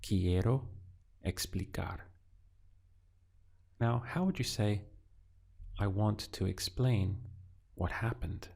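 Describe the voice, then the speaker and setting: Slow, gravelly-voiced male language teacher. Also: fairly low pitch, darkish tone. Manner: slow, patient prompting with pauses for the learner. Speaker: Spanish teacher. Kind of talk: audio language lesson.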